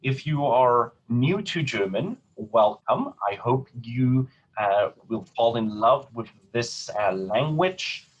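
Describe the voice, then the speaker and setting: A man giving a diction lesson for singers, talking in a relaxed way with many ums and uhs and encouraging the listener. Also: mid-range voice, takes it slowly, muffled recording. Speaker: opera diction teacher. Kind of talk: instructional lesson.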